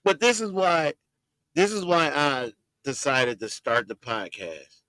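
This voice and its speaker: A male podcast host talks in a relaxed, rambling way, circling back over his phrases. His voice is bright and smooth. The sound is close and dry. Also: on the high side, slow pace, no room sound, rough recording. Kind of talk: casual podcast chat.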